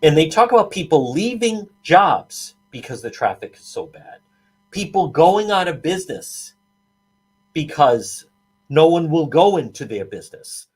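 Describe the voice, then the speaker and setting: A man's voice: on the high side, sing-song, unhurried, darkish tone, slightly rough. A man hosting a talk show, ranting with heated, sarcastic indignation and many restarts. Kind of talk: heated political commentary.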